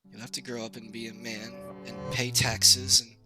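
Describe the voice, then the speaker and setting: A man voicing a stern, preachy mother who speaks quietly and coldly while reading a game. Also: medium pitch, flat delivery, normal speed, over music, pitched above the performer's own voice, lightly acted.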